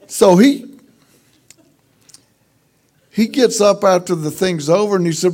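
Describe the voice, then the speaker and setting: A man's voice: high voice, slow pace, long pauses, a little mellow. A middle-aged man with a Texan accent, a pastor telling folksy, self-deprecating stories in a humorous sermon. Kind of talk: sermon storytelling.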